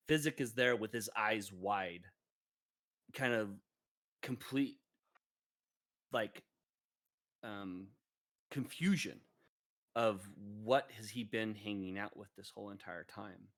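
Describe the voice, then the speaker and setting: Low-voiced man running a tabletop game. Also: a little slow, long pauses, fairly bright tone. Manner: casual, with frequent fillers. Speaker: game master.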